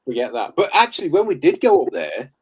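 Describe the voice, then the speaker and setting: A man's voice: a little high, huge pitch swings, fast, husky, poor audio. Rambling man telling a story. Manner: rambling, stop-start, with many restarts and fillers. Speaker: paranormal investigator guest. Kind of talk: casual storytelling chat. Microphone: remote live call.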